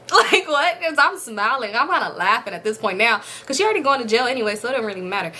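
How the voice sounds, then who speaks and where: A woman vlogger telling a casual storytime, animated and slangy, with a slightly high, bright and crisp voice. She keeps slipping into quoted voices of the people in her story. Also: brisk, a little hiss or hum.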